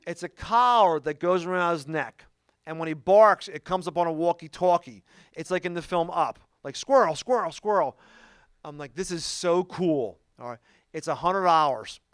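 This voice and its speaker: A man's voice: a little high, moderate pace, a bit bright, smooth, no echo, studio quality. A man performing a stand-up comedy set, telling stories in a punchy way and often checking in with the crowd with "okay?". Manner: punchy storytelling with frequent "okay?" asides. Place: comedy show before a live audience.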